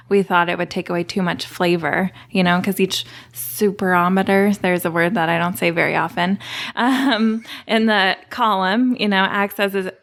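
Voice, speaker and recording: A woman guest on a podcast, explaining how her distillery works in a relaxed, chatty way and laughing easily. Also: on the low side. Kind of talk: casual podcast interview.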